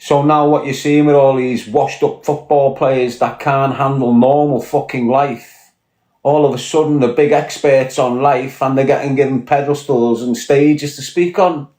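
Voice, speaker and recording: A man's voice: mid-range voice, steady tone, a little slow, mellow. A man with a Liverpool Scouse accent, ranting bluntly and profanely on a podcast. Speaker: podcast guest. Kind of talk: podcast rant. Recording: echoey room.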